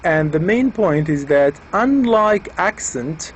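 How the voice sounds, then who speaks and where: A man's voice: fairly high pitch, animated, slow pace, a little hiss or hum, low-quality recording. A man giving an explanatory lecture, patiently repeating and rephrasing each point with examples.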